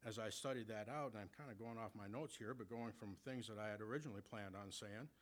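A man with a fairly low voice preaches a sermon, asking his listeners rhetorical questions. He reads scripture slowly and deliberately.

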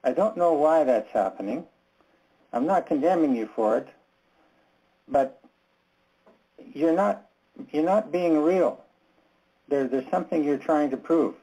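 Brief: man, Bible study leader, gravelly dark husky voice, earnest, halting and direct. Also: medium pitch, low-quality recording. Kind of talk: candid group Bible discussion.

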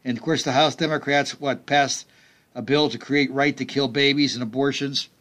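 A man's voice: medium pitch, fairly even intonation, normal speed, fairly bright tone. A middle-aged man hosting a political talk radio show, delivering emphatic commentary with sarcastic, mocking asides.

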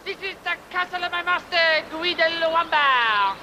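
Squeaky bright french guard, mocking and rude, comedy film bit. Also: male voice, lively intonation, normal speed, a faint crowd, slight background noise, full character voice. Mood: smug. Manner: insulting, taunting, shouting.

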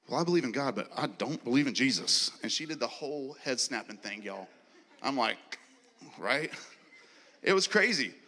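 A man preaching a sermon as he tells a story, acting out the dialogue and laughing and clearing his throat often. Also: mid-range voice, bright, forceful tone. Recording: long hall reverb.

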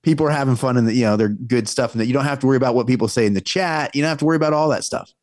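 A man co-hosting a live-streamed talk show, opinionated and casual, his pitch jumping up when he gets worked up. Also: rapid-fire, no room sound, clean studio sound. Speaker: podcast co-host.

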